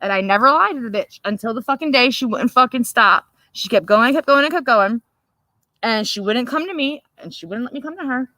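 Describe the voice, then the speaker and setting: A woman hosting a casual livestream, telling a story in a profane, animated way and laughing often. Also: fairly high pitch, brisk, dry recording. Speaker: livestream host.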